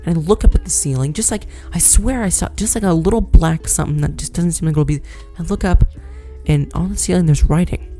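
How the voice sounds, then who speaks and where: A young man telling a rambling, animated story in a casual vlog. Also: fairly high pitch, brisk, faint music behind. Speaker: vlogger.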